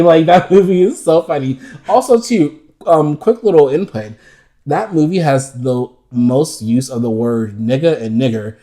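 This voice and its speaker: A man from the United States co-hosting a podcast, telling stories in a lively, profane, laughing way. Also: fairly high pitch, unhurried. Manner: animated, profane, laughing storyteller. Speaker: podcast co-host. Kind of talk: casual chat.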